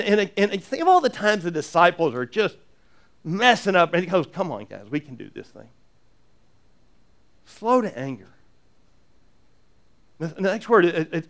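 A pastor preaches a sermon with earnest animation, tossing in jokey asides and frequently restarting his phrases. His voice sits high.

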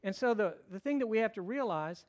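A middle-aged man delivers a sermon with a notably high-pitched voice. He preaches in a conversational, storytelling way, slipping in light humor as he walks his listeners through the text. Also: animated, fairly quick, darkish tone. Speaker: pastor.

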